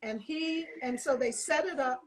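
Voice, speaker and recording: An older woman telling lively stories in a casual chat, acting out the people she quotes. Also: sits high, normal speed, slight background noise. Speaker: guest.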